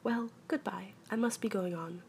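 A woman's voice: medium pitch, moderate pace, creaky, a little mellow, a little hiss or hum, lightly acted. A woman voicing a simple, honey-loving male teddy bear who talks plaintively, often in a whisper, in a storybook reading.

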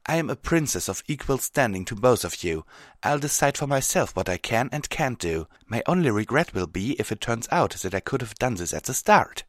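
A man voices a resolute young pony princess in an earnest, firm manner, pitching his voice above his own while staying close to an everyday voice. The mid-range delivery is sing-song and fairly quick, recorded at studio quality with no echo.

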